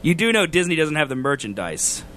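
A man co-hosting a casual podcast, ranting loudly and getting exasperated. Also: on the high side, sing-song, a little fast, a little hiss or hum. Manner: loud, exasperated ranting that climbs into shouting. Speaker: podcast co-host.

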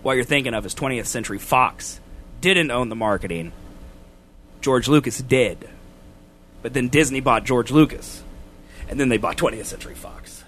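A man co-hosting a casual podcast, ranting loudly and getting exasperated. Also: medium pitch, moderate pace, long pauses, slight background noise. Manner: loud, exasperated ranting that climbs into shouting. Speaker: podcast co-host.

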